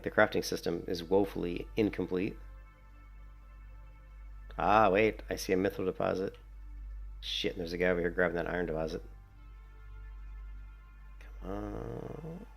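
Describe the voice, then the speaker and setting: A man's voice: deep voice, normal speed, creaky, long pauses, slightly rough, faint music behind. A man giving casual, sarcastic gameplay commentary while he plays. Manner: chatty, sarcastic, mocking. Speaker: gaming video creator.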